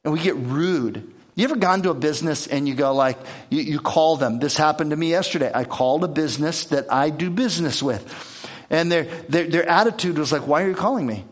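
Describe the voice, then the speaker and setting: Man preaching, kinda high voice, earnest, keeps repeating words and acting out quotes. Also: a little fast. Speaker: pastor. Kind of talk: conversational sermon.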